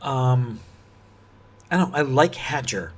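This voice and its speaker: A man thinking aloud as he works through a puzzle, musing and halting, often restarting his sentences and laughing softly. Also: mid-range voice, expressive. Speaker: puzzle-solving video host.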